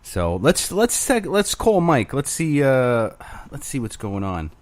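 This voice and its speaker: A man's voice: medium pitch, very animated, takes it slowly, no echo. A man hosting his own show alone, rambling crudely with self-mocking humor. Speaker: podcast host. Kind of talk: casual solo rambling.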